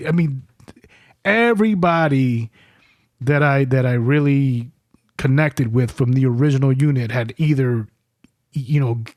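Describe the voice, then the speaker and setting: A man's voice: medium pitch, darkish tone, no echo, studio quality. Profane, emphatic male veteran guest. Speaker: podcast guest, military veteran. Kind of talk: casual podcast chat. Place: studio.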